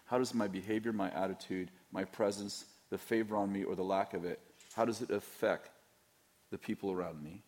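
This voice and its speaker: A man's voice: low-pitched, steady tone, a little fast, a little mellow. A middle-aged man, a pastor, talking candidly in a Q&A with a rambling, teasing manner and frequent restarts. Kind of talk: candid Q&A talk to a church audience.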